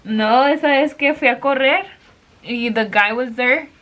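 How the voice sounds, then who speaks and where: Young woman beauty vlogger, bright-toned, chatty storyteller who swears and mixes in Spanish. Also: high voice, normal speed. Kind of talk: casual storytime while doing makeup.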